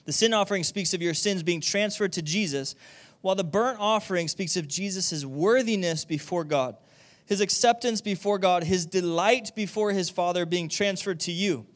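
A man preaching a sermon in an animated way, often checking in with "okay?" and "right?", and now and then acting out other people's voices. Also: high voice, moderate pace. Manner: acts out grumbling voices and loud exclamations.

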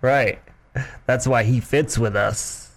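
A man's voice: mid-range voice, slow. A man co-hosting a sports radio show, ribbing his partners and chuckling along. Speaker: co-host. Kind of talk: casual sports radio banter.

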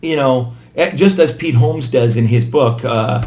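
A man's voice: medium pitch, measured pace, a little mellow, faint music behind. Middle-aged man speaking earnestly on a podcast. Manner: earnest, candid, acts out quoted lines. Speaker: podcast co-host. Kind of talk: casual conversation, personal reflection.

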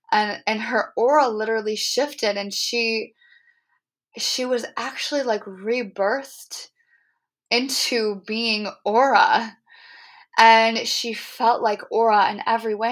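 Earnest woman telling a spiritual story. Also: medium pitch. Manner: earnest, emotional, spiritual storytelling with many fillers and restarts. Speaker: podcast host. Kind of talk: personal storytelling podcast.

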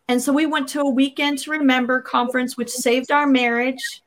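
An interview guest, an adult woman, gives a personal faith testimony with a high, flat voice, moving briskly with hardly any pauses. She's earnest and vivid, acting out the words she once said.

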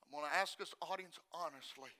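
A man preaching a sermon with passion, swinging between hushed, quiet stretches and loud shouting. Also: fairly high pitch, brisk.

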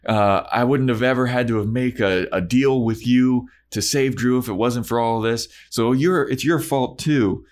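A man voicing a cocky, lovesick male vampire who whines and swears, in a higher voice than his own. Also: normal speed, few pauses, darkish tone, natural voice. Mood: petulant. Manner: whiny, brash, swearing.

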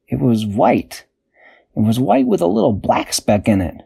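A man spinning a bedtime story on the fly, his voice rising and falling in an animated way. His tone is mellow and a little husky, recorded dry and close. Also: mid-range voice, moderate pace, dry recording. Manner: animated, playful. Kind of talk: improvised storytelling.

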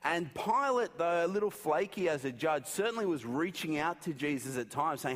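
A man preaching a sermon in a conversational way, acting out quotes with wide swings in pitch. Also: expressive, moderate pace, few pauses, big-room sound.

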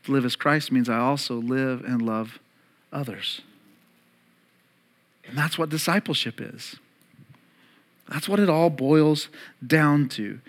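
A man in his thirties preaching a sermon to his church, emphatic, rising loud and high and then dropping soft and low, and calling on the congregation to repeat words. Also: takes it slowly, long pauses. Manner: emphatic, climbs louder and higher, then drops to soft and low. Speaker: pastor.

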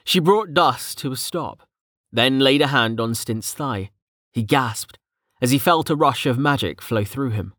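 A man narrating a story in a steady, even storytelling manner. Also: medium pitch, unhurried, no room sound, clean studio sound. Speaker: audiobook narrator. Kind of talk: scripted narration.

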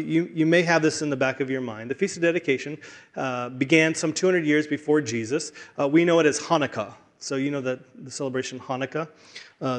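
A man preaching a sermon in a conversational way, with frequent fillers and restarts. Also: fairly high pitch.

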